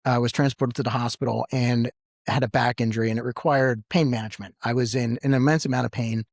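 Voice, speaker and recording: A man, a paramedic co-hosting a podcast, telling a story with lively jumps in pitch when he quotes people. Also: quick pace, vocal fry, no echo, clean studio sound. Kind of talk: storytelling in casual podcast chat.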